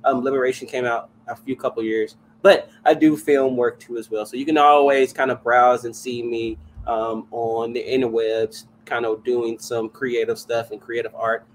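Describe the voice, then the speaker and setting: Man, podcast guest, casual chat, animated, laughs easily, faint background hiss. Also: medium pitch, normal speed, hardly any pauses, low-quality recording. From Louisville area, United States. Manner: animated, excitable, laughs and vents loudly.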